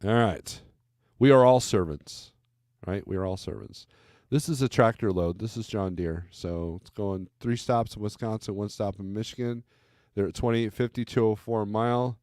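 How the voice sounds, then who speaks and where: A man's voice: lowish voice, fairly even intonation, normal speed, a little mellow, dry recording, studio quality. A man hosting a casual livestream as a trucker, rambling through freight loads, reading viewer comments aloud and tossing in wry asides.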